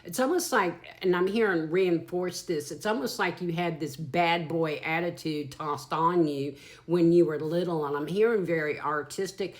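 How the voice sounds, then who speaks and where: A woman with a fairly low speaking voice reads tarot cards for her listeners in a loose, chatty way. She is earthy and unfiltered, swears without a second thought, and keeps addressing the audience as y'all and darling. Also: normal speed. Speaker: tarot reader. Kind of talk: casual channeled tarot reading.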